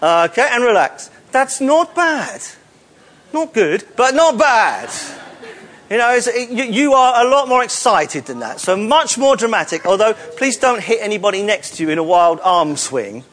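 A man's voice: sits high, animated, moderate pace, hardly any pauses, fairly bright tone. A man leading a live audience on a hall stage, coaxing volunteers with playful, teasing jokes. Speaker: presenter leading audience participation.

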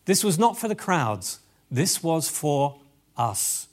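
A man preaching a lively sermon, animated and exclamatory, addressing the audience directly. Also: a little high, slow pace. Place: event hall with tables.

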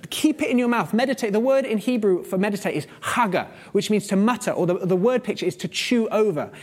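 A man's voice: high voice, lively intonation, quick pace, a little mellow. A man preaching a sermon in a conversational, earnest teaching manner, using everyday examples.

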